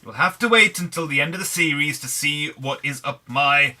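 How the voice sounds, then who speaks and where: A man's voice: a little high, normal speed, sharp tone. An English man giving casual, wry, self-deprecating commentary as he plays Minecraft. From England. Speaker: gaming channel host.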